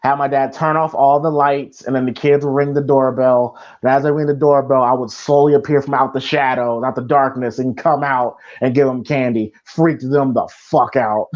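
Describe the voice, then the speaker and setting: A man's voice: medium pitch, fairly even intonation, moderate pace, hardly any pauses. A man co-hosting a casual movie commentary podcast, rambling with many restarts and fillers. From Iowa, US. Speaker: podcast co-host. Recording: dull lo-fi sound.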